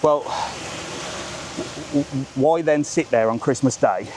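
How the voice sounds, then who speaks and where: A man's voice: mid-range voice, measured pace. Guy vlogging on a walk, rants and swears a lot, faint street noise. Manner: chatty, ranting, swears freely. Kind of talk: casual walking vlog. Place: outdoors at a seaside market town.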